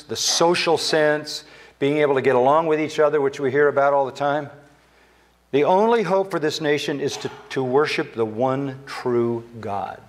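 An older man preaching a sermon in a church sanctuary, with emphatic delivery that climbs higher when he quotes Scripture. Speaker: pastor.

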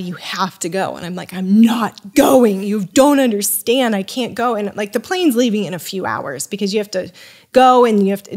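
A young adult woman, a sommelier guest on a podcast, chattily telling a rambling personal story full of restarts and acted-out dialogue. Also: medium pitch. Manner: acts out quoted dialogue with her voice rising. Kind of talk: casual interview storytelling.

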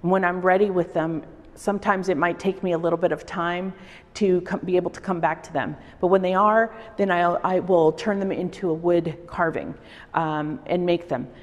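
A woman's voice: fairly low pitch, fairly even intonation, normal speed, lo-fi sound. A middle-aged woman from El Salvador, a wood-carving artist, telling personal stories in a reflective interview. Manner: reflective, storytelling. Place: art exhibition hall. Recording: reverberant exhibition hall.

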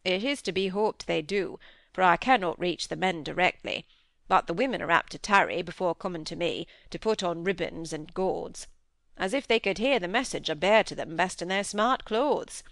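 A woman's voice: lowish voice, normal speed, fairly bright tone, no room sound, clean studio sound. A woman voicing a grave, pious middle-aged male minister and farmer who speaks in an earnest, solemn, preaching cadence.

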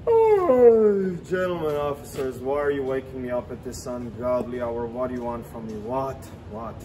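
A man's voice: medium pitch, sing-song, moderate pace, mellow, a little hiss or hum, close to an everyday voice, poor audio. A man voicing a drunk, sleepy male vampire count who grumbles and protests theatrically, on a city street outdoors. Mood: sleepy grumbling.

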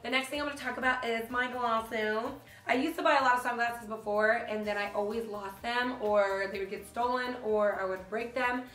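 A young woman chatting casually to the camera as a beauty vlogger, animated and full of fillers like "like", filmed in a hotel room. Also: fairly high pitch, normal speed. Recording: echoey room with faint music.

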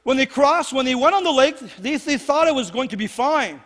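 A man's voice: very high-pitched, expressive, fairly quick, a bit bright. A man preaching a sermon as pastor, earnest and repetitive, often checking in with "right?". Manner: earnest, repeats phrases, asks "right?" often. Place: church sanctuary. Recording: long hall reverb.

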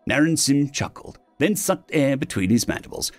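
Guy narrating a sci-fi story, lively pitch, dry close mic, soft music behind. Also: moderate pace, no echo. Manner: expressive. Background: faint music.

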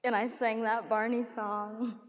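A young woman performing a dramatic monologue as a grieving young mother, speaking in a hushed, halting way with broken restarts. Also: fairly high pitch, flat delivery, in a large hall, lightly acted. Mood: hushed recollection. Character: grieving young mother who lost her little son. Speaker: competitive speech performer.

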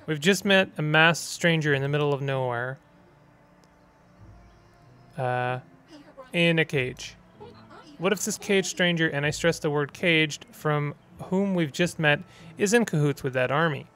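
A man voicing a suspicious, cautious male companion who weighs things in a measured way. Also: fairly high pitch, a bit bright. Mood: wary. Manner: measured, wary.

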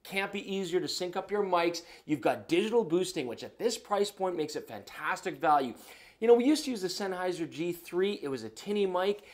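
A man's voice: high voice, animated, fairly quick. Tipsy joking male camera show co-host. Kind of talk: casual product review banter.

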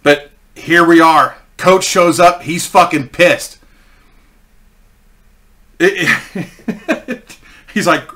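A man's voice: a little high, drawn-out words, pauses often, pushed and bright. A man in his forties telling a rambling, profane story in a casual way. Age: 40s.

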